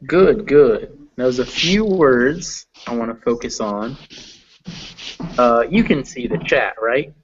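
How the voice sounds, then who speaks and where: A man's voice: medium pitch, animated, slow, slight background noise. A man coaching pronunciation over voice chat, patient and encouraging, his explanations padded with ums and uhs. The audio is dull and lo-fi. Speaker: English pronunciation teacher. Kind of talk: online pronunciation lesson.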